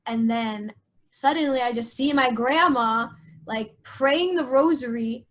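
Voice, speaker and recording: A young woman on a podcast, telling a painful personal story in an emotional, halting way with many fillers. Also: on the high side. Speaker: podcast host.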